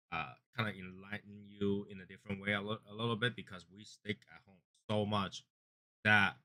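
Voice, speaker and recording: A man hosting a cigar review channel, talking casually and earnestly, rambling and repeating himself, sometimes raising his voice to act out angry callers. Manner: grows louder and higher when acting out angry callers. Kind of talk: casual chat.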